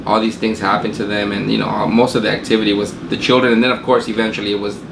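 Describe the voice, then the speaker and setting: Gravelly low-voiced man, relaxed chat. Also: fast talker. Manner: easygoing, asks questions, many fillers. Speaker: podcast co-host. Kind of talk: casual chat. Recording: echoey room with clear noise.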